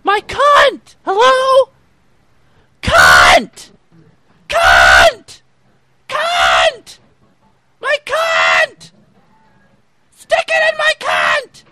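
A man's voice: extremely high pitch, measured pace, very noisy, voice pushed up. A man putting on the voice of a coy fourteen-year-old girl on a prank internet call. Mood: crude shouting.

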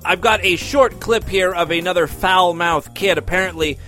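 A man's voice: sits high, normal speed, bright, forceful tone, faint music behind. Wisecracking podcast host man. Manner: sarcastic, wisecracking. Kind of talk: crude comedy podcast hosting.

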